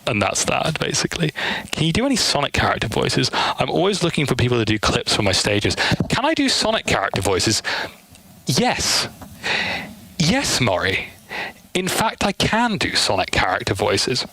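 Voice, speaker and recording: A man chatting casually on a stream from his room, animated and talkative, speaking into a headset. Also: mid-range voice, moderate pace, no echo. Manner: animated and chatty, speeding up in asides. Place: home room at night.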